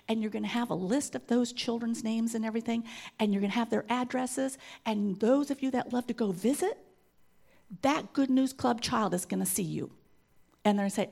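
A middle-aged woman leading a children's ministry, giving a church testimony and appeal with animated storytelling and acted-out quotes. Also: mid-range voice, moderate pace, gravelly. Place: church sanctuary.

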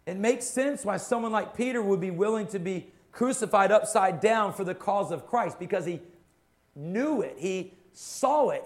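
Male pastor, high voice, preaching with fervor and repetition. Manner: impassioned, repeats phrases for emphasis. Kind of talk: sermon.

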